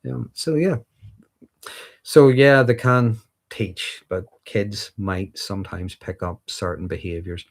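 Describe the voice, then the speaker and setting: Middle-aged Northern Irish male livestream host, deep voice, thoughtful and rambling, reading and answering viewer questions. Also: takes it slowly, vocal fry. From Northern Ireland. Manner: thoughtful, rambling, frequent ums and restarts. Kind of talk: casual livestream chat.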